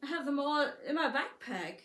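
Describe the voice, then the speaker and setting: A woman's voice: high voice, expressive, normal speed, a bit bright, voice pushed up. A woman with a German accent playing a lonely male wanderer who stammers and pleads. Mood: uneasy. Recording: roomy echo, distant mic.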